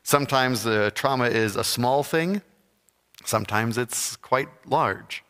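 A man giving a slow, reflective, sermon-like talk with pauses. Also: mid-range voice, fairly bright tone, clean tone, big-room sound.

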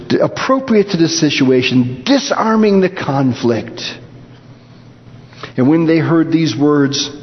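A man preaching a sermon, animated, dropping low and slow when he quotes scripture. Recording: dull reverberant hall.

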